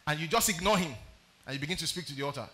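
A pastor preaching a sermon, reading scripture aloud and explaining it, often putting questions to the congregation. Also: male voice, a little high, lively intonation, rapid-fire, pushed and bright. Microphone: streamed live sermon.

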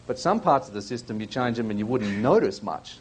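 A man's voice: medium pitch, lively intonation, a little fast, slight background noise. A man presenting a live workshop, chatty and full of questions, coaching people from the audience.

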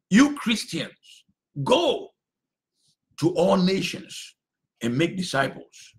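Male pastor, unhurried sermon delivery with animated intonation and emphatic repetition. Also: sits high. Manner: emphatic, repeats phrases, sometimes shouts.

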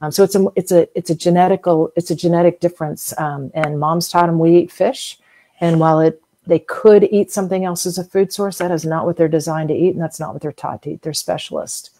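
A middle-aged woman from the American South speaks as an interview guest, explaining things in a chatty, example-filled way. Her voice sits a little low and sounds mellow and warm. She pauses often with fillers as she works through each point. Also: steady tone. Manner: chatty, explains with everyday comparisons, many fillers. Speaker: whale museum guest expert.

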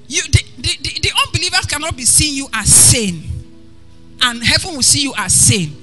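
High-voiced, fiery woman preacher. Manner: passionate preaching that builds to shouts. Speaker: pastor. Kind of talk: sermon.

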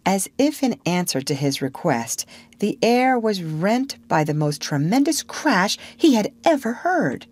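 A woman narrating a storybook audiobook for English learners with clear, measured storytelling. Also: medium pitch, very animated, darkish tone.

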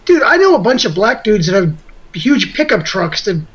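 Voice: mid-range voice, sing-song, dull audio. A podcast co-host chatting casually and throwing in jokes. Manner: joking, quick interjections. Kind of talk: casual chat.

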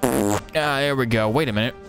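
A young man commenting on his own gameplay in a dry, mock-serious tone, his voice sitting at an ordinary middle pitch. Now and then he leaps into high, startled yelps. Faint music plays behind him. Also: normal speed. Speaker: streamer playing a game.

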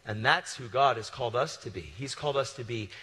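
A man preaching a sermon, telling stories in a casual, animated way with slangy asides. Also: medium pitch, fairly quick, in a large hall. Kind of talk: storytelling sermon.

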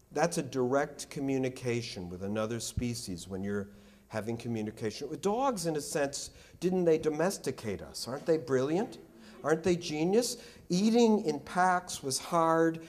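A man giving a public lecture as an art critic, joking and teasing his audience, animated and quick to banter. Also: medium pitch.

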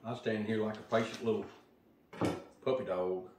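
A man's voice: on the low side, fairly even intonation, moderate pace. A man giving short, easygoing replies while tasting bread in a home kitchen. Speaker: host's partner, taste tester. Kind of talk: casual chat. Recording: very echoey room, far from mic, noisy.

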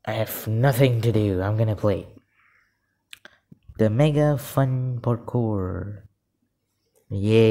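A man giving live gameplay commentary, excitable and easily frustrated, often saying "literally". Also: on the low side. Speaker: gaming video creator.

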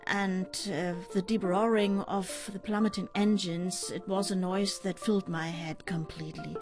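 An older woman with a mid-range voice answers interview questions about a past ordeal. She speaks in a measured, halting way, pausing often, with faint music underneath. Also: medium pitch, fairly even intonation. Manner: measured, halting, with pauses and fillers. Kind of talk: recounting a personal ordeal in an interview.

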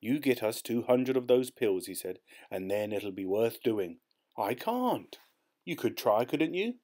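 A man's voice: on the low side, fairly even intonation, moderate pace, dark tone. A man narrating an audiobook, reading the dialogue of both characters himself with small shifts of tone.

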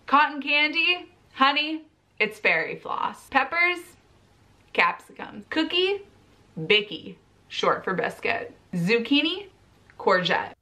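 A woman's voice: high-pitched, sing-song, slow pace, sharp tone. A woman from Australia presenting a vlog in a chirpy, upbeat, sing-song way. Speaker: vlogger.

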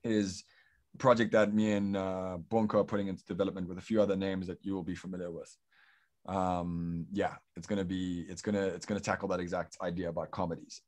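A man with a South African accent talks quickly and eagerly in a relaxed interview. His voice sits low and he throws in "dude" between thoughts. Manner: excitable, says "dude" a lot. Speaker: actor and filmmaker guest. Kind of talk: casual interview chat.

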